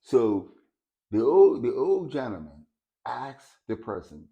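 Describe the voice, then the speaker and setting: A man's voice: mid-range voice, sing-song, slow pace, creaky, highs cut off. A man casually telling a story, hesitating and repeating words as he searches for them.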